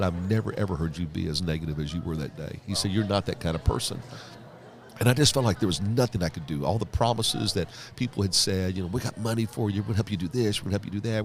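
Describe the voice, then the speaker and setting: A guest pastor and leadership author tells his story on a podcast in a low-pitched voice with vocal fry. He is an animated storyteller who acts out the voices of the people he quotes.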